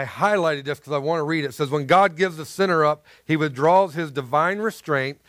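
Earnest pastor preaching, dry close sound. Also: male voice, a little high, fairly bright tone, no room sound. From American South. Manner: earnest, repeats words, addresses the crowd as guys. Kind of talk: sermon.

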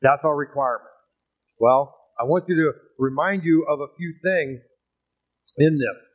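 Energetic man preaching, tinny sound. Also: a little high, a little slow. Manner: energetic, joking, says amen and right often. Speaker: pastor. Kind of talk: sermon.

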